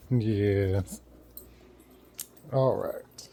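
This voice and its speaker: A man's voice: mid-range voice, slow pace, a little mellow. A man talking playfully and fondly to his pet dogs in a casual home video. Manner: playful, doting baby talk. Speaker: pet owner.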